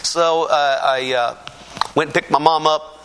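Bright-voiced pastor telling his story. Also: fairly high pitch, unhurried. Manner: animated storyteller, acts out quoted voices. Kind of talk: testimony sermon. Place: church before a congregation.

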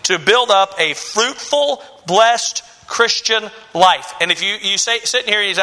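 Bright high-voiced male preacher. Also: unhurried. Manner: emphatic, repetitive, with frequent restarts and stammers. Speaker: pastor. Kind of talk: sermon.

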